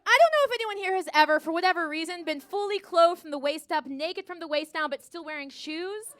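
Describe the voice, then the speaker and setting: An American woman performing a live stand-up routine, telling a story with lively acted-out voices and laughing along with her own jokes. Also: very high voice, fairly quick. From United States. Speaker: stand-up comedian. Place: comedy stage in front of a live audience.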